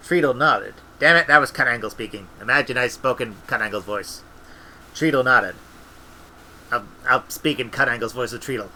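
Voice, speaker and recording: A man reading a story aloud in a relaxed way, with restarts and little asides. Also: mid-range voice, normal speed, rough recording. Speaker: audiobook reader.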